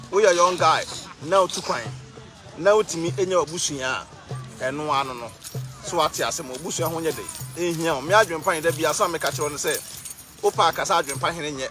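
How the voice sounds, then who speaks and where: A man with a Ghanaian accent chatting casually to the camera while out in a city park, repeating and stretching words. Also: fairly high pitch. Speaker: vlogger. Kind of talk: casual outdoor vlog talk.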